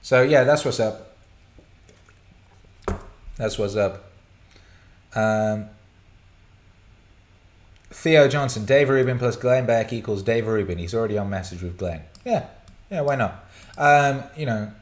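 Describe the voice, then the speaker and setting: On a casual live stream, a man with a mid-range voice reads out chat questions and rambles, speaking slowly with long pauses. He swears and laughs often, and there's a roomy echo.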